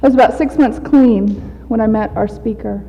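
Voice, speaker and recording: A woman giving a candid, halting personal testimony at a recovery meeting, often breaking into laughter. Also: a little high, vocal fry, slight background noise. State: out of breath. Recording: dull echoey hall recording.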